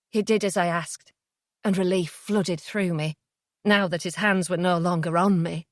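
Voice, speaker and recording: A woman narrating a thriller audiobook in the first person, hushed and tense. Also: fairly low pitch, a little slow, no room sound, clean studio sound.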